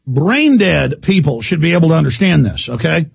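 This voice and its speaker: Gravelly, ranting male radio host. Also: fairly high pitch, big pitch swings, normal speed, no echo. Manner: emphatic, repetitive, ranting. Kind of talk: heated talk-radio monologue.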